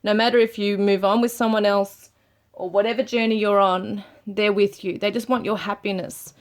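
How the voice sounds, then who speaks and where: A woman's voice: medium pitch, flat delivery, moderate pace. A woman giving a channelled tarot reading, overcome with emotion, close to tears and full of sighs and exclamations. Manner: emotional, breaking up and near tears; gushing, many sighs and exclamations. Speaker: tarot reader.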